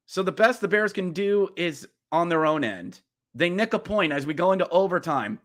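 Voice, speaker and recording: A high-pitched man hosts a hockey podcast, recapping the game as a fan. His pitch swings widely, and during the tense plays he yells and gets riled up. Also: animated, moderate pace. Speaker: podcast host.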